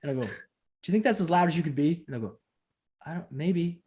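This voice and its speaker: Animated storytelling wrestler, man. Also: very fast. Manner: animated storyteller acting out quotes with big pitch jumps. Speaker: professional wrestler and trainer, guest. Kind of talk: casual interview chat. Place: home.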